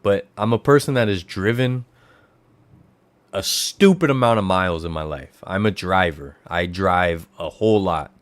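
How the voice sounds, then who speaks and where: A man from the Bay Area of California hosting a livestream, chatting casually and rambling, his voice jumping up high when he gets excited. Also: moderate pace, no room sound. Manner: rambling storyteller who jumps to high excited exclamations. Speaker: livestream host.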